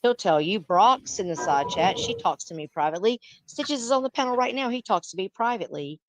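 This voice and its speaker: A woman's voice: mid-range voice, animated, a little fast, no room sound, rough recording. A middle-aged woman, hosting a live stream in blunt, profane, emphatic casual chat.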